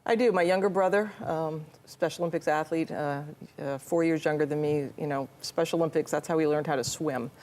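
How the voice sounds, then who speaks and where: A woman's voice: low voice, fairly quick, few pauses, a little mellow. A middle-aged woman, a nonprofit leader, answering interview questions earnestly with frequent restarts. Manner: earnest, many restarts and fillers. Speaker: nonprofit CEO, guest.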